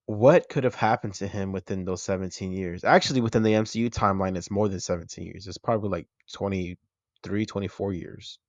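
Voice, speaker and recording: A young man hosting a movie channel, chatting excitedly and correcting himself as he breaks down a trailer. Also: on the low side, fairly quick, dry recording, dull audio. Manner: excited, chatty, self-correcting fan talk.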